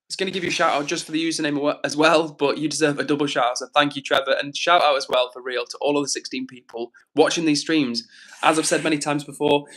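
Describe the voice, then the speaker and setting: A man's voice: on the high side, a bit bright. A young man, chatting casually on a live stream and reading viewer comments aloud in an upbeat, slangy way. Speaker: livestreamer.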